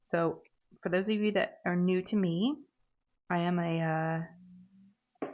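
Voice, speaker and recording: A woman's voice: on the low side, fairly even intonation, a little slow, lo-fi sound. A woman chatting casually while she crafts, rambling and laughing at herself. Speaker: diamond painting crafter.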